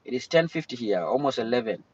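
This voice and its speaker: In or near his car, a young man runs a casual livestream, talking fast and animatedly in a medium-pitched voice that is a little mellow and husky. The audio sounds dull, and his rambling is broken up by greetings to chat viewers.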